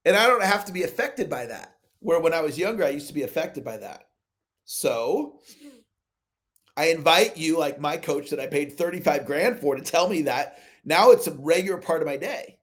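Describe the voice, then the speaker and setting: High-voiced man telling animated coaching stories. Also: moderate pace. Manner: animated storytelling, acts out both sides of dialogues. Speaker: sales coach, call host. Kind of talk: motivational talk on a live call. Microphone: video call.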